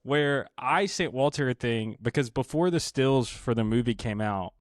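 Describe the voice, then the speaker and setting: A man co-hosting a podcast in casual chat, explaining things in a relaxed way with restarts. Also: medium pitch, moderate pace, dry recording, clean studio sound. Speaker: podcast co-host.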